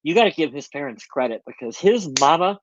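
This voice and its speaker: A man's voice: a little high, sing-song, fairly quick, lo-fi sound, noisy background. A man co-hosting a sports podcast, talking earnestly and reflectively in casual chat. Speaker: podcast co-host.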